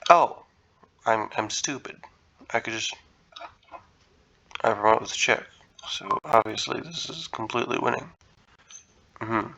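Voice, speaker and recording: Male streamer, bright tone with gravel, casual muttering think-aloud commentary, hesitant and self-correcting. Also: on the low side, measured pace, pauses often, lo-fi sound, a little hiss or hum. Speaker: chess content creator.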